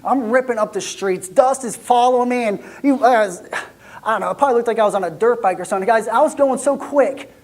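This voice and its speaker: Speaking very high and quickly, a man performs a first-person church monologue as an excitable young shepherd. He sounds excited, chatting in a lively way before dropping to a whisper-like hush.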